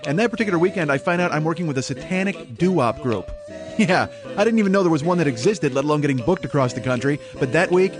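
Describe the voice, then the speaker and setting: A man's voice: on the high side, lively intonation, fast talker, music in the background. A man hosting a podcast, delivering a scripted comic road story in a wry way. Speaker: podcast host and comedian.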